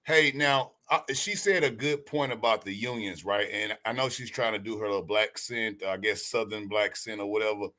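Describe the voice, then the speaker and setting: A man joins the show on a call, chatting loosely and often restarting his phrases. His voice is bright, with a forceful edge. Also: on the low side, fairly quick, hardly any pauses. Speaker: guest on call. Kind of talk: casual chat.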